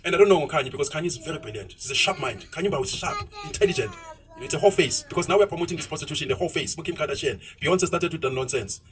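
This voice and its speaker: A South African man talking casually and forcefully with strong opinions, now and then dropping into Zulu phrases, recorded from a distance. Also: a little high, sing-song, rapid-fire. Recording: distant mic with faint noise.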